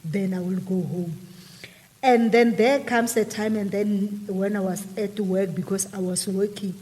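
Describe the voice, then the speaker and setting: A woman's voice: medium pitch, steady tone, unhurried, dark tone. Rambling woman telling a story, echoey. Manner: rambling, chains events with repeated "and then" and "whatsoever". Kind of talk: casual personal storytelling.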